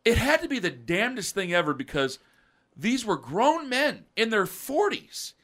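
A middle-aged man on a podcast, telling rambling stories in a casual, animated way. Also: sits high, normal speed. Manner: rambling, animated storyteller with mocking quoted voices. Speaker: podcast co-host. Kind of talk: casual storytelling chat.

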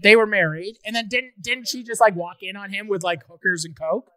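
A woman co-hosting a podcast in casual comedic chat, teasing and throwing in quick questions. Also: medium pitch, a bit bright, no room sound. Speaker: podcast co-host.

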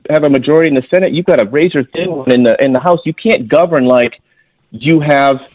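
A man's voice: on the high side, a little fast, a little mellow, muffled recording. A man speaking as a guest on a radio interview, earnest and emphatic, restarting phrases as he argues his point. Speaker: guest, former intelligence officer.

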